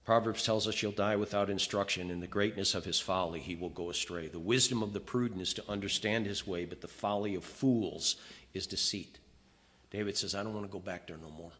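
A male pastor preaching a sermon, reading scripture with feeling and swinging between loud emphatic lines and quiet, hushed confessions. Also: lowish voice, fairly quick. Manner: reads scripture aloud with feeling.

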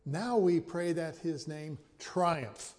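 A man's voice: a little high, darkish tone, long reverb tail. A man preaching a sermon, teaching carefully and often restarting or repeating a word before going on. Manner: measured teaching, with frequent restarts and repeated words. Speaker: pastor.

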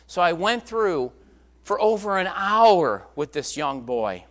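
A male preacher delivers a sermon in a conversational, storytelling way. His pitch swings widely as he drives his points home. The delivery is emphatic and direct. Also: animated, unhurried, fairly bright tone.

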